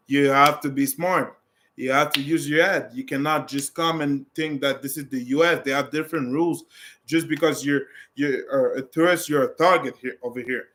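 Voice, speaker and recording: A male vlogger speaks straight to his viewers and answers their questions in a loose, meandering way. He is frank and direct, often restarting his sentences, and his voice sits somewhat high for a man. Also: fairly bright tone. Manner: rambling, with many restarts and fillers; blunt and direct.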